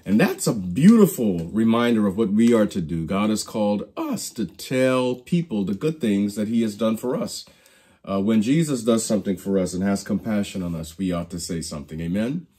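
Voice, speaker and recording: Male Bible teacher, preacherly storyteller, dark and slightly husky, restarts phrases. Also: lowish voice, lively intonation, normal speed. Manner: preacherly storytelling, acts out quoted lines. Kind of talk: Bible study lesson.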